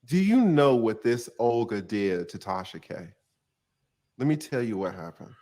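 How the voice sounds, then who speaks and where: A man's voice: medium pitch, animated, a little slow, warm tone. A man, a retired defense attorney, giving joking legal commentary with laughing, playful asides.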